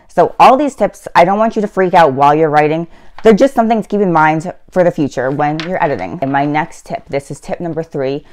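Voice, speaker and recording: Woman, low voice, casual writing tutor, chatty and explanatory. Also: darkish tone. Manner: chatty, explanatory, with many fillers and self-corrections.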